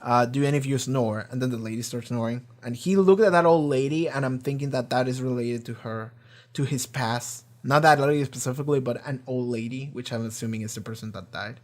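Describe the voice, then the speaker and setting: A man hosting a reaction channel, retelling an episode in a rambling, profane and excited way, full of fillers. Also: mid-range voice, a little fast. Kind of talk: casual episode recap and discussion.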